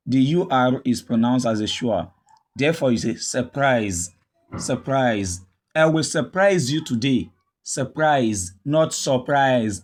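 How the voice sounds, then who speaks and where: Slow, deliberate male English teacher. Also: mid-range voice, a little mellow. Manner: slow, repeats each word several times for drilling. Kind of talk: pronunciation lesson.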